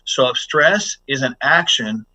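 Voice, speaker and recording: A man's voice: mid-range voice, expressive, a little slow, sharp tone, low-quality recording. A man speaking as a health doctor guest on a podcast interview, explaining in an earnest, instructive way and coaching listeners through exercises.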